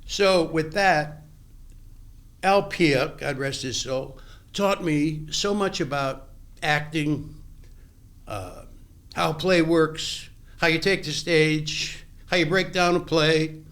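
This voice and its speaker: Guesting on a podcast, this older actor tells tales from years gone by, performing remembered lines with animation and often starting his sentences over. He speaks slowly, in a voice on the high side.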